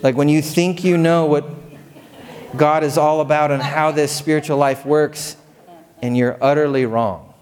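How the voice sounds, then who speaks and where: A male pastor preaching a sermon, animated and storytelling, asking the congregation questions. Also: fairly high pitch, measured pace.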